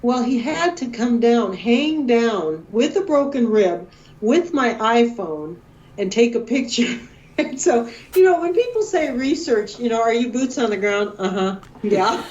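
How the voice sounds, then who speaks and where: Excitable middle-aged woman, dull audio. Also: on the high side, a little slow. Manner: emotional, excitable, quoting herself. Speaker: guest researcher. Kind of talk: animated storytelling interview.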